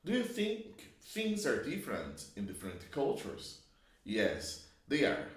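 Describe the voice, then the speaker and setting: A man's voice: mid-range voice, wildly swooping pitch, a little slow. A man teaching English grammar, explaining patiently and drawing out each example sentence. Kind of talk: slow, clear classroom explanation. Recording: echoey room.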